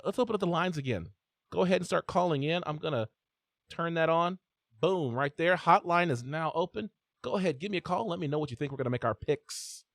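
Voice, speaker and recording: A man's voice: on the high side, no echo, studio quality. Chatty man hosting a live call-in show. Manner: energetic, chatty, with frequent fillers and restarts. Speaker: host.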